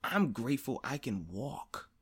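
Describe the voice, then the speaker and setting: A man speaking on his own podcast in a blunt, profane monologue, often circling back to the same phrase. His voice sits at an ordinary middle pitch and climbs louder and higher when he drives a point home. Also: very animated, measured pace, husky. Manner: blunt, swears often, repeats phrases for emphasis. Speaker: podcast host. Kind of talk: personal monologue.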